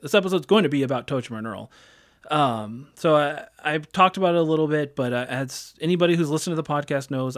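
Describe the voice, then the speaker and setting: A man in his thirties hosting a gaming podcast in casual chat, rambling with many fillers and restarts. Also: fairly high pitch. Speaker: podcast host.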